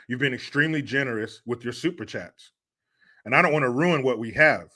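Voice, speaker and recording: Reading and replying to viewer comments, this livestream host rambles along profanely and cracks himself up with his own jokes. He speaks with a bright, forceful tone at a medium pitch.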